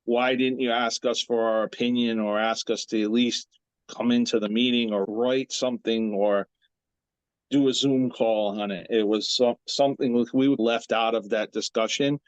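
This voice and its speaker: A male dental association president giving measured answers in an interview and asking rhetorical questions. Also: medium pitch, fairly even intonation, smooth, no echo, highs cut off.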